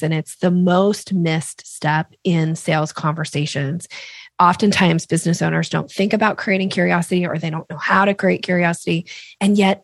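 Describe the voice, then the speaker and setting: A middle-aged woman, a sales expert guest, explaining with vivid examples and lively acted-out voices. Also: lowish voice, gravelly, no echo. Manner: lively, acts out quoted voices.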